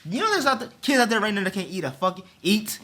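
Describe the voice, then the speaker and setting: A man's voice: high voice, sing-song, fast, bright, forceful tone. A young man telling a storytime rant in a casual, profane, slangy way. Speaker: vlogger.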